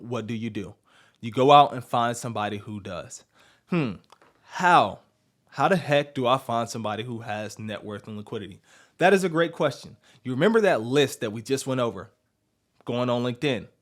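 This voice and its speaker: Guy hosting a podcast, punchy coaching talk, asks questions then answers em, mid-pitched. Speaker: podcast host.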